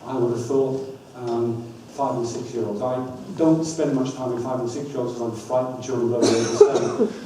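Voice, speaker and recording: Male trainer, energetic and wry, heard off-mic in a big echoey hall with faint hum. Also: medium pitch, brisk, few pauses, distant mic. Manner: energetic, coaxing the audience, wry asides. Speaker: dyslexia trainer giving a talk. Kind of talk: lively public talk with audience activities.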